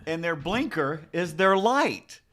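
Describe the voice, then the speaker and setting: A man's voice: fairly high pitch, very animated, slow, fairly bright tone. A man co-hosting a radio talk show, telling casual stories in an easygoing way with dry asides. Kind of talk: casual chat.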